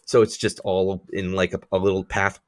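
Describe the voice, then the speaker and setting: A man co-hosting a podcast, chatting casually and ranting in profane, animated complaints. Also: sits low, moderate pace, no room sound, studio quality. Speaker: podcast co-host. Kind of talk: casual chat.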